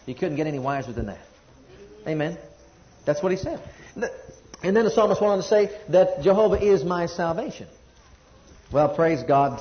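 A man's voice: high voice, expressive, fairly quick, slight background noise. Man preaching, emphatic, lo-fi sound. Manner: emphatic, repetitive preaching with call-and-response. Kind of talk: sermon with scripture reading. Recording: dull lo-fi recording.

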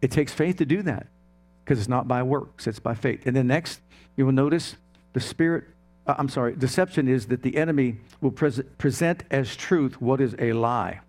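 A man's voice: medium pitch, darkish tone. A middle-aged male pastor preaching a sermon emphatically, firing off rhetorical questions to the congregation.

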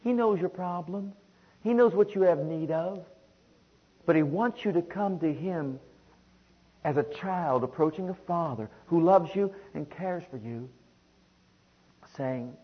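A middle-aged man preaching a sermon, swinging between hushed, tender passages and loud, urgent ones. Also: on the high side, moderate pace, slightly rough, lo-fi sound. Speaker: pastor.

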